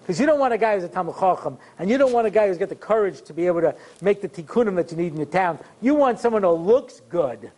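A man giving a rabbi's Torah lecture, telling stories with humor and animated asides. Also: high-pitched, fast, few pauses. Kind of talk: storytelling lecture.

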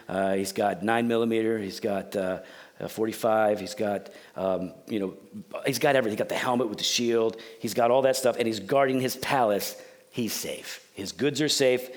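A pastor giving a sermon in a joking, conversational, storytelling manner. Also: male voice, medium pitch.

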